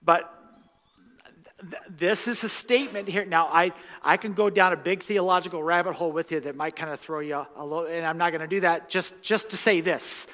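A man's voice: fairly high pitch, fairly quick, pushed and bright. A male pastor preaching a sermon in a church sanctuary, emphatic and repeating key lines for stress. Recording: long reverb of a large hall.

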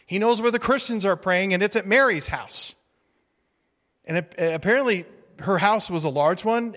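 A male pastor preaching a sermon in a relaxed, humorous, conversational way, acting out little quotes. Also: high-pitched. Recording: reverberant hall.

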